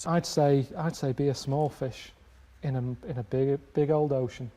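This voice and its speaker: A man in deadpan comic chat, reasoning plainly and slowly through odd ideas. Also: mid-range voice. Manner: deadpan, plodding logic. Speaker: regular guest.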